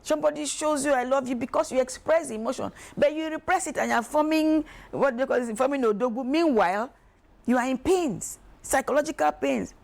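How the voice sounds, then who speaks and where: A woman, speaking as an expert guest on a talk show, emphatic and animated, acting out quoted voices. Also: sits high, fairly quick, vocal fry. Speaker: guest expert on emotional wellbeing. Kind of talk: studio talk show discussion.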